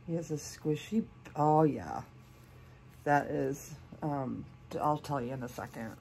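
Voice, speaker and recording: A woman in her forties, sick, gushing over a doll in a casual unboxing vlog, with soft hushed asides. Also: low voice, unhurried, gravelly, slight background noise. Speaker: doll collector and channel host.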